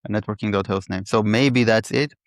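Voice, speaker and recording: A man's voice: fairly low pitch, no echo. Man thinking aloud in dry audio. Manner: thinking aloud, halting restarts. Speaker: programmer pairing on code. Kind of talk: casual technical chat.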